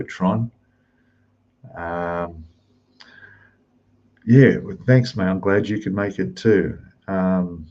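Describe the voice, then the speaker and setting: A man's voice: sits low, muffled recording. An Australian man hosting a live stream, greeting chat viewers one by one and keeping his voice down in a rented room. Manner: speaking softly, keeping voice down.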